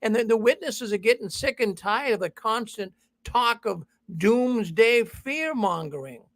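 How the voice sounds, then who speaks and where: A male host of a call-in talk show, answering in a measured, agreeable way while thinking aloud. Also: sits high, animated, a bit bright, no room sound.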